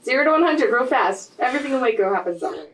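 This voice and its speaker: A woman's voice: on the high side, very animated, rapid-fire. A woman host chatting playfully with her guest and joking along. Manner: playful, joking, laughs often. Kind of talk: casual chat.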